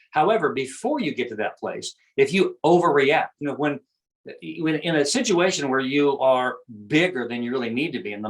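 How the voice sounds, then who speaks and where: A man of ordinary, middle pitch explains his ideas to an interviewer. He talks in an earnest, teacherly way and circles back over the same phrases. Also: rough recording. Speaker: guest speaker on self-awareness. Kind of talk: conversational explaining.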